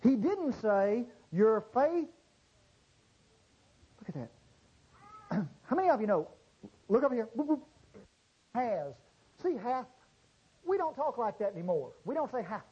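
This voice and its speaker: A man preaching a sermon to a congregation, swinging from low murmurs to loud exclamations and drawing out key words. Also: very animated, slightly rough, lo-fi sound. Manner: drawn-out stressed words. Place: church service before a congregation.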